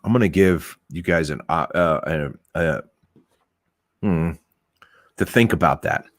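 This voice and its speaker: Blunt low-voiced man, dry sound. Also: measured pace, no echo. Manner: blunt, rambling, swears, restarts often. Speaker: podcast host. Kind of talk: casual opinionated talk.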